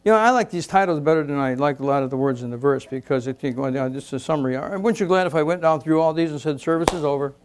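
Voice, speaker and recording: A man preaching a sermon, asking the congregation questions and moving between loud exclamations and quiet asides. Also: on the high side, fast, few pauses, a little hiss or hum. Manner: asks the congregation rhetorical questions.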